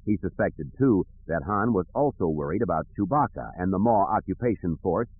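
A man with a low, husky voice narrates an audiobook in a steady, even way. The recording is thin and tinny, like a phone line. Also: moderate pace. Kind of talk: scripted narration.

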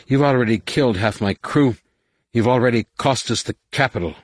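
Brief: drunk, bitter alien woman captain, booming and taunting, husky voice, as a man puts her on. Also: moderate pace, dry recording, studio quality, close to an everyday voice. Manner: slurred, taunting, loud.

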